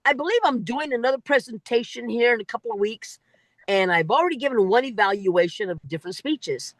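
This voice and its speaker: A woman giving a lively talk that coaches speakers on winning a speech contest, with emphatic delivery and frequent asides. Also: fairly quick, no room sound, low-quality recording. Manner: animated, emphatic, swings pitch widely for emphasis.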